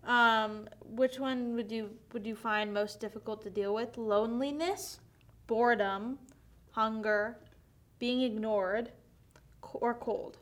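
A young woman chatting casually with friends, reading quiz questions aloud and retelling stories loudly and animatedly. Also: on the high side, steady tone, takes it slowly. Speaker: quiz reader among friends. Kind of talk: casual chat.

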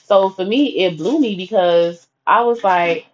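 A young woman tells a personal story in blunt, profane everyday talk, slipping into the voices of the people in it as she goes. Her pitch sits in the middle of the usual range. The recording is dull and lo-fi, with muffled highs. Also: unhurried. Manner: profane, lively retelling full of quoted dialogue.

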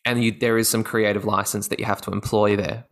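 Lively Australian man telling stories. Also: on the low side, brisk. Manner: lively storytelling, often laughing. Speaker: guest actor. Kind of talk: casual podcast interview chat.

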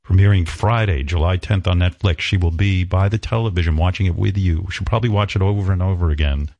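A male talk show host with a fairly low voice teases his guest with deadpan jokes. He speaks in slow, deliberate phrases and lets each line land. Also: dull audio. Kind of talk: comedic interview.

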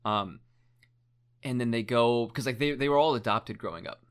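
A man's voice: medium pitch, normal speed, smooth. A young man in casual chat, retelling a documentary story in a rambling way, full of "like" and casual swearing.

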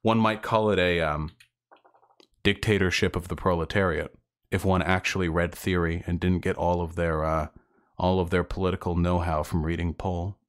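A man's voice: deep voice, steady tone, normal speed. A man hosting a reaction commentary video, rebutting clips in a sarcastic, mocking way.

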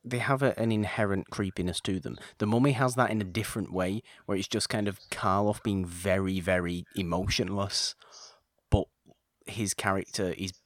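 A man's voice: on the low side, steady tone, moderate pace, no echo, clean studio sound. A man hosting a casual podcast chat, talking with enthusiasm and rambling, often repeating words. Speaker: podcast host.

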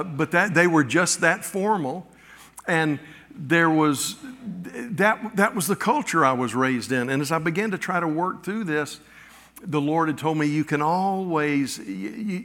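Middle-aged pastor guy telling stories from the pulpit, kinda high voice, church echo. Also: fairly bright tone. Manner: storytelling, halting restarts, acts out quotes. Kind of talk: sermon with personal stories. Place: church sanctuary. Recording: long reverb of a church hall.

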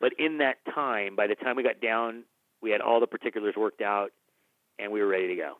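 A man, a film director who is a guest on the show, telling stories in conversation, animated and acting out the people he quotes, with many restarts. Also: lowish voice, fairly quick, no echo. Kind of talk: conversational storytelling. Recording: dry, phone-like narrow band.

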